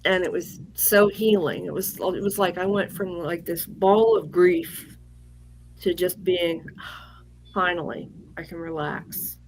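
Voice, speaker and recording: A woman's voice: fairly low pitch, steady tone, slow pace, darkish tone, a little hiss or hum, low-quality recording. A woman guest on an interview show, telling a personal story in a candid, rambling way with fillers and restarts. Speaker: guest psychic medium.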